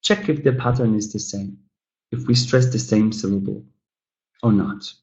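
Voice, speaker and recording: A man's voice: fairly low pitch, a little mellow, dull audio. Chatty male English teacher. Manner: chatty, addresses the class as "guys" and invites chat replies; models word stress by repeating words slowly and clearly. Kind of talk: online English lesson.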